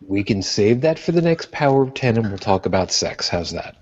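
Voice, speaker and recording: A man's voice: lowish voice, sing-song, brisk, background noise. A man hosting a podcast in casual chat, joking and self-deprecating as he rambles. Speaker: podcast host. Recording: dull lo-fi podcast audio.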